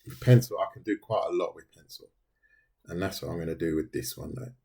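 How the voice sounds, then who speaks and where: A man's voice: low-pitched, fairly quick, vocal fry, mellow, husky. A middle-aged man, chatting casually with viewers on a livestream while he draws. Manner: chatty, talks to viewers, says "mate" often. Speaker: livestreaming artist.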